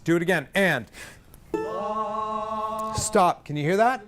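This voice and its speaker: High-voiced man coaching a singing group. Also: slow, music in the background. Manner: energetic, directive, joking with participants. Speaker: vocal coach. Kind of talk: leading a live group singing workshop.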